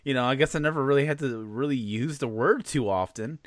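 A man's voice: medium pitch, brisk, dry recording, studio quality. A man in his late thirties with a Chicago accent, co-hosting a podcast in rambling casual chat, often stopping to restart and laugh. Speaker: podcast co-host.

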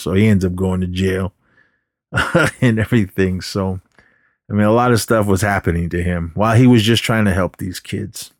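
Low-voiced man rambling through a film recap. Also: moderate pace, no room sound, clean studio sound. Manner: rambling retelling with acted quotes. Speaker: podcast host.

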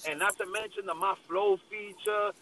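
A man's voice: high voice, fairly even intonation, moderate pace, bright, forceful tone. A man hosting a casual chat, making emphatic arguments and leaning on fillers like "you know what I mean.". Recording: distant mic, faint background noise.

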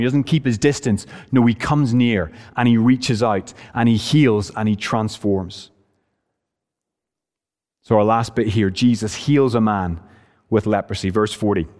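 Male preacher, emphatic and earnest, average pitch, echoing church hall. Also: a little mellow. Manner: earnest, emphatic, varies pace for stress. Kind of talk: sermon.

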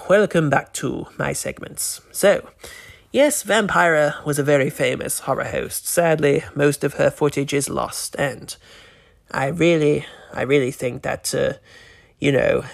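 A man's voice: a little high, creaky. A man voicing Vincent, a morbid, pun-loving male vampire who hosts a horror show, in a campy, macabre monologue.

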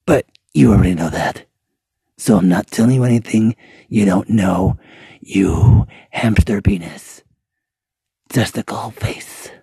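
A man's voice: lowish voice, a little slow, vocal fry, warm tone, breathy edge, dry recording. A man delivering a comedic, profane roast rant full of mock-angry insults. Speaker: voiceover ranter.

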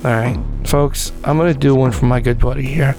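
A man's voice: medium pitch, fairly even intonation, fairly quick, music in the background. A man hosting a podcast in casual joking chat, goofy, bossy and mock-grandiose. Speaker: podcast host. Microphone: dynamic mic.

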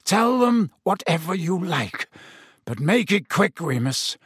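A man's voice: high voice, very animated, takes it slowly, fairly bright tone, breathy edge, no room sound, clean studio sound, pitched above the performer's own voice, heavily acted. A man voicing a savage, vengeful escaped male prisoner who growls and snarls. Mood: cold.

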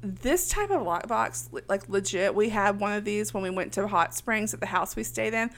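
A woman's voice: mid-range voice, moderate pace, a bit bright. A woman co-hosting a podcast, casually recapping a movie with snark, frequent laughter and quoted voices. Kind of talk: casual chat.

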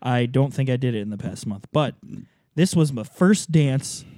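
A man co-hosting a casual show, chatting in a playful, animated way and laughing often. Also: mid-range voice, moderate pace, no echo, studio quality. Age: adult, married. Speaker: podcast co-host. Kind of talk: casual banter.

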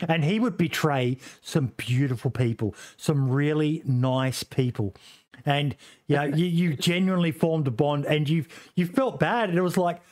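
A man's voice: on the high side, normal speed, a little mellow. A man streamer chatting casually about games, rambling and swearing with lots of fillers and restarts. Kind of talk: casual gaming podcast chat.

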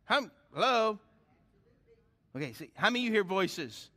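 A man's voice: sits high, very animated, fast, a bit bright. A middle-aged man preaching a sermon as pastor, telling stories with animation and putting questions to his congregation.

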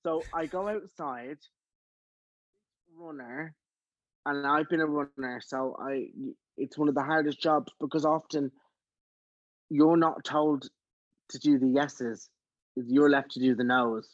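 Animated man in his thirties. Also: a little high, slow pace, pauses often, dry recording. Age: 30s. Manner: animated storyteller, acts out voices. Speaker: musical theatre actor, guest. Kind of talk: casual podcast chat. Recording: dull, dry close recording.

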